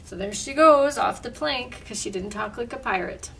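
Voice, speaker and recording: A woman reading a picture book aloud in a lively, expressive way, adding little asides. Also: on the high side, moderate pace. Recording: distant mic, faint room noise.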